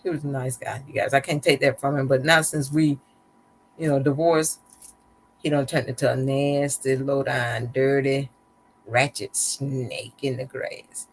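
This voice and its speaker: A woman with an extremely low voice and little pitch movement hosts a live stream, talking unhurriedly over a slight hiss or hum. She tells viewers about her life candidly and conversationally, with a slightly sarcastic, slick edge and loose, repetitive phrasing, in casual personal storytelling.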